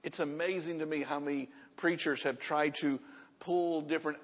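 A man in his sixties preaching a sermon, repeating key words with emphasis and dropping to a soft, low voice to stress a point. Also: fairly even intonation, normal speed. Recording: muffled sound with long hall reverb.

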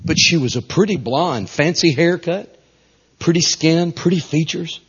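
Southern preacher guy telling a story in church, husky voice, goes quiet then loud, kinda muffled lo-fi recording. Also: fairly high pitch, measured pace. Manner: animated, folksy, swings from hushed to loud. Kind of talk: storytelling sermon. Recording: dull lo-fi recording.

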